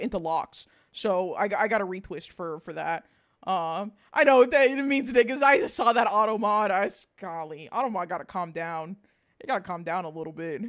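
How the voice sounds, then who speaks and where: A VTuber with a medium, slightly bright voice chats casually with their stream, reading messages aloud, swearing freely, and often bursting into laughter.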